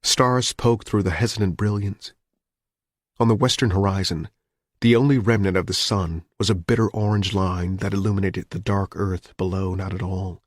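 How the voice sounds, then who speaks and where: A man narrates a thriller audiobook in a measured, steady way. His voice is very deep, and the recording is dry and close, with no room sound. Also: no echo. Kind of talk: scripted narration.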